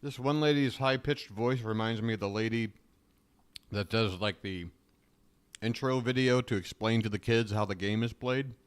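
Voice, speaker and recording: A man's voice: lowish voice, moderate pace, clean tone, no room sound. A man hosting a live stream, riffing casually and wryly, often wandering off on tangents. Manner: rambling, wry, easily sidetracked.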